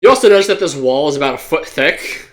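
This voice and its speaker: A man's voice: fairly high pitch, lively intonation, fast talker. A man narrating a tabletop game as game master, matter-of-fact with dry jokes.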